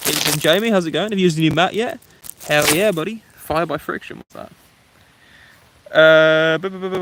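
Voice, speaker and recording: A friendly young man with an Essex English accent talks casually on a live stream, greeting viewers by name. His voice sits a touch high for a man. He speaks outdoors from a woodland campsite. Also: fairly bright tone, a little hiss or hum. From England. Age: 20s. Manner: chatty, friendly, reads viewer names aloud. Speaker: vlogger. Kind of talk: live-stream chat, reading comments.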